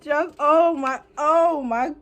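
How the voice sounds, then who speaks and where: A woman's voice: high voice, takes it slowly. A young woman unboxing an album on camera, squealing, gasping and gushing with fangirl outbursts. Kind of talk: excited unboxing commentary.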